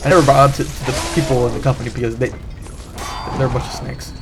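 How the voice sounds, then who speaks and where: A man's voice: mid-range voice, steady tone, a little fast, gravelly, music in the background. A young man hosting a gaming channel, telling a long, profane, rambling story in casual commentary while he plays at home. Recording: noisy background.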